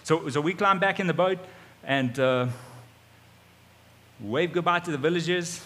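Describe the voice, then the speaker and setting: A South African man preaching a lively first-person sermon, retelling the story in a chatty way and often repeating his opening words. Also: a little high, unhurried, long reverb tail. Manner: animated, conversational, repeats his starting words. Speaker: pastor.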